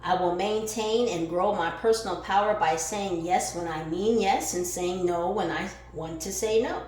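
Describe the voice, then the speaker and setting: Animated woman giving a spiritual card reading. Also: on the low side, moderate pace. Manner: shifts from calm musing to loud fired-up exclaiming; reads affirmations aloud, laughs and swears casually. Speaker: tarot reader. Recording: echoey room with faint music behind.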